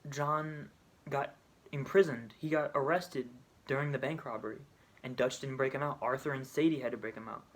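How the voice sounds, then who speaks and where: A man's voice: mid-range voice, normal speed, fairly bright tone. A man casually retelling a video game story, rambling, restarting and correcting himself as he goes. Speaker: video creator.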